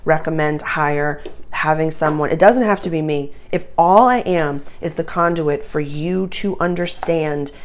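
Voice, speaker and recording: A woman's voice: sits low, unhurried, a little hiss or hum. A woman giving a channeled tarot reading to camera, urgent, emotional and earnest, with many fillers. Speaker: astrology and tarot reader.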